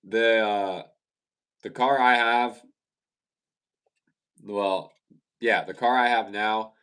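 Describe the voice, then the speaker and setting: Low-voiced young man chatting on stream. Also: very slow, clean tone. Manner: relaxed, chatty, many restarts and stumbles. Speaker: livestream host. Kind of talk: casual live chat reading viewer comments.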